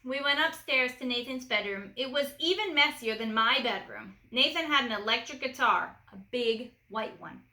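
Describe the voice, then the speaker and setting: A woman reads a children's storybook aloud. Her voice is bright and a touch high, and it carries a noticeable room echo. She shifts her voice for each character as the story goes. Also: lively intonation, normal speed, few pauses. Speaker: storyteller reading a children's book.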